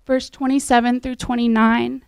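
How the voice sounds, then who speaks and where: A woman's voice: on the high side, flat delivery, moderate pace, creaky, clear, resonant tone, dry recording. A woman preaching a sermon, retelling a Bible story in plain, earnest words.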